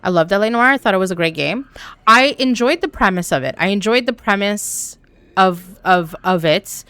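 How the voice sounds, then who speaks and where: A young woman from Canada chatting casually on a live stream while gaming, talking to her chat with an animated, swearing manner. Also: mid-range voice, moderate pace, clean tone, no echo. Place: home room.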